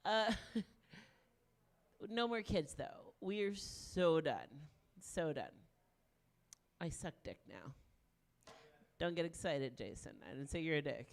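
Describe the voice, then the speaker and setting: A woman in her late forties doing a stand-up set, frank and self-mocking, with animated punchlines. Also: deep voice, slow, pauses often. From Deep South of the US. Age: 40s. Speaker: stand-up comedian.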